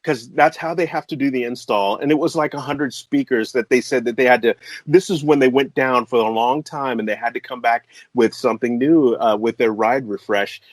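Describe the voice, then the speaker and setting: A middle-aged man from the American Midwest, a composer and voice artist telling a story as an interview guest, excitable and laughing often. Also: brisk, no echo. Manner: excitable, laughs often, jumps to high pitch when excited. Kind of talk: animated storytelling in conversation.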